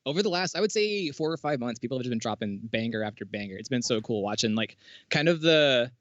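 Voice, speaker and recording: A young man chatting casually as a guest, relaxed and quick to laugh, using easygoing slang. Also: mid-range voice, no echo, highs cut off. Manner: laid-back, laughs often, relaxed slang. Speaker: guest, Twitch streamer and guitarist. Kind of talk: casual chat.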